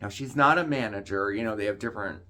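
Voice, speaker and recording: A man co-hosting a vlog, telling a story in an indignant, animated rant and acting out other people's lines. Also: on the low side, fast talker. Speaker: vlog co-host.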